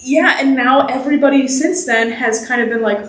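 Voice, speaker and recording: A woman singer with a fairly high voice chats through a post-concert Q&A, explaining in a lively, laughing way. She sounds far from the mic. The sound rings around a large church hall. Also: a little hiss or hum. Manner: chatty and explanatory, with quick laughs. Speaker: singer answering audience questions.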